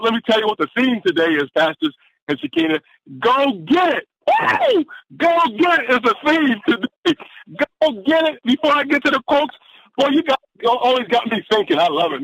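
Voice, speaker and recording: On a phone-line conference call, a man from Atlanta, Georgia reads motivational quotes like a preacher, whooping and cheering with exuberant excitement. His voice sits high and a bit bright with vocal fry, and the dull audio has no echo.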